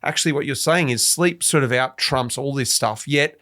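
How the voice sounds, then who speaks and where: A man's voice: medium pitch, normal speed, sharp tone. Conversational male podcast host. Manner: conversational, thinks aloud with many "you know" fillers. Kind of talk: casual podcast interview.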